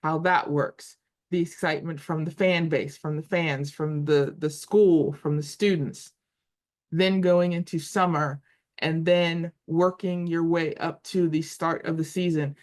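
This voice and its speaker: A woman's voice: deep voice, steady tone, measured pace, a little mellow. A woman in her forties co-hosting a sports talk show, thinking aloud with frequent restarts and repeated words. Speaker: podcast co-host.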